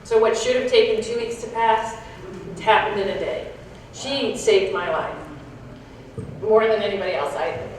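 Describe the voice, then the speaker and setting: A woman's voice: medium pitch, moderate pace, pauses often, slight background noise. A woman giving a frank, reflective talk to a conference audience, with small restarts as she goes. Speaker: conference speaker. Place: large conference hall. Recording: echoey hall, picked up from a distance.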